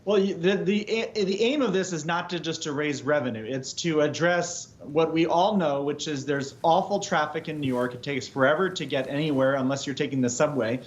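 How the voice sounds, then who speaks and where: A man speaking as a panel guest on a cable news debate, measured and halting, with many fillers. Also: a little high, dull audio.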